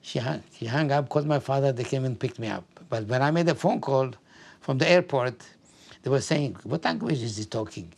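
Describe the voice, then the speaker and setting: A man's voice: mid-range voice, darkish tone. Older guy from afghanistan, talks in stops and starts, lots of repeats, telling old stories. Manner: halting, repeats words often. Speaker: interviewee. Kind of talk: oral history interview.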